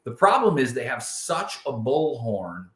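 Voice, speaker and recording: A man's voice: medium pitch, very animated, unhurried, a bit bright. Casual male co-host in an echoey room. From United States. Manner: casual, with frequent restarts. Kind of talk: podcast conversation.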